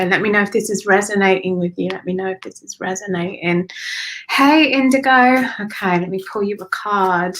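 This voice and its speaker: Soft-spoken woman doing a live psychic reading, sighs a lot, calls everyone darling, gets emotional. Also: medium pitch, steady tone, moderate pace, a little hiss or hum, poor audio. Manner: soft, affectionate, drifts into whispers; emotional, breathy sighs and gushing warmth. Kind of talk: live-streamed channelled readings.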